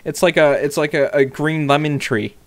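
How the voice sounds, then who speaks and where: A man hosting a casual game let's-play, excitable and goofy, jumping into squeaky joke voices. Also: normal speed, dry recording. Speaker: gaming channel host.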